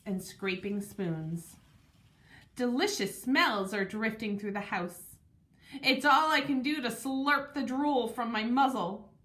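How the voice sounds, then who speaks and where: A woman narrating a children's storybook in first person with an expressive, lively delivery. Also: fairly high pitch. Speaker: audiobook narrator.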